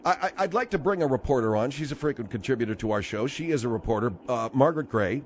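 A man's voice: mid-range voice, expressive, a little hiss or hum. Exasperated male radio talk host. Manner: exasperated, brisk. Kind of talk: call-in radio show.

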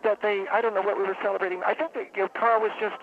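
A man's voice: sits high, voice pushed up. Man doing a rambling woman caller on a phone line. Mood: deadpan. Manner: rambling, deadpan, halting with fillers. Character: woman caller, brawling football fan, middle-aged. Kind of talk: comic radio call-in bit. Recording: tinny phone line, faint hiss.

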